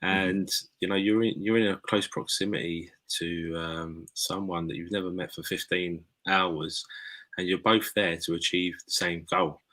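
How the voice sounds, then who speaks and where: A man's voice: sits low, steady tone, unhurried, pushed and bright. A man from England hosting a chat, telling a story in an earnest, rambling way. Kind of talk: casual chat.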